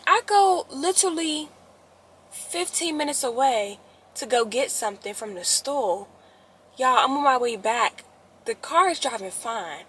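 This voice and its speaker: A young woman, telling a story to her viewers in a casual, animated way, often rising to exasperated outbursts. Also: sits high. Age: young adult.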